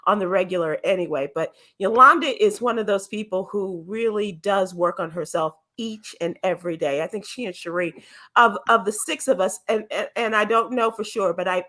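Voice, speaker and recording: Bright-voiced woman hosting a group chat. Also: medium pitch. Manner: halting, many fillers and restarts. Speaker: talk show host. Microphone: video call.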